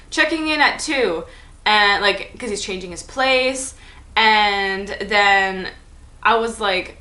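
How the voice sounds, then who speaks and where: A woman's voice: medium pitch, slow, pushed and bright, echoey room. A young woman telling a story on her vlog in a chatty, enthusiastic way, full of "like". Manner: chatty, enthusiastic, heavy use of "like". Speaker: vlogger. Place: room at home.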